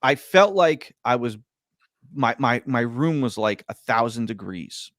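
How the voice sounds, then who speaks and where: A man casually telling a long story on a podcast, rambling and stumbling over his words, his voice swinging between loud bursts and quiet mutters. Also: mid-range voice, expressive, a little slow, no echo, clean studio sound. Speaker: podcast guest.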